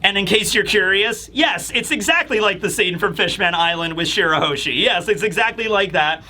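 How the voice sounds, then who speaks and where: A man's voice: high-pitched, moderate pace, bright, forceful tone. A man reviewing a comic chapter in a rambling, chatty way. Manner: rambling, chatty, lots of fillers and laughs. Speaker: manga reviewer. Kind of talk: casual commentary.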